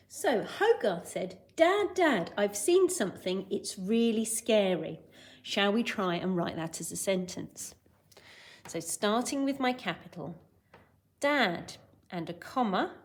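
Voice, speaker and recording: A woman teaching a recorded school lesson with a lively, animated voice. She dictates sentences clearly, going word by word. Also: mid-range voice.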